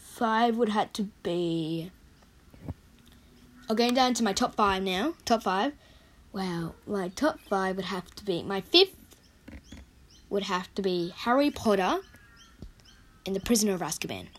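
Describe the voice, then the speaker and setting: Chatty young woman with a croaky voice. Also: mid-range voice, animated, unhurried, long pauses, slight background noise. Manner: rambling, chatty, self-correcting. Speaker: vlogger. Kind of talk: casual movie countdown chat.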